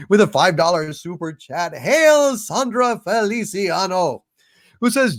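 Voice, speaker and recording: A man's voice: high-pitched, a bit bright, dry recording, clean studio sound. A man hosting a live stream, reading out viewer super chats, playful and self-mocking, a bit tired. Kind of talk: casual live-stream chat.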